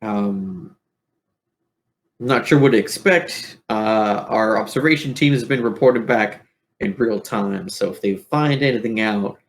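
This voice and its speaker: A man doing a rambling robot officer. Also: lowish voice. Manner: rambling, halting, full of ums.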